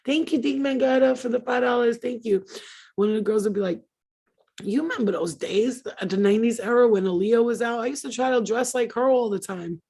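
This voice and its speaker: A woman's voice: on the high side, brisk, breathy edge. A middle-aged woman hosting a livestream, telling profane, laughing stories in casual chat. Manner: profane, laughing, animated storyteller. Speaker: livestream host.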